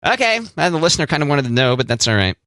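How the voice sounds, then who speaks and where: A man's voice: fairly high pitch, big pitch swings, rapid-fire, bright, forceful tone, no echo, clean studio sound. Teasing man co-hosting a podcast. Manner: teasing, joking. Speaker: podcast co-host. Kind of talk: casual chat.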